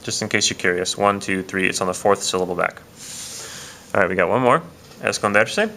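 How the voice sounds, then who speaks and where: A man's voice: deep voice, brisk, pushed and bright, slight background noise. A man teaching a casual video lesson, explaining step by step with frequent "uh" and "um" fillers. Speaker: Spanish teacher.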